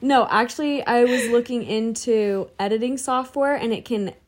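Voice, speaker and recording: A chatty woman co-hosts a casual podcast, talking a lot and often cutting in. Her slightly high voice is full of "like". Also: moderate pace. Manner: talkative, cuts in, says "like" often. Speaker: podcast co-host. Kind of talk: casual chat.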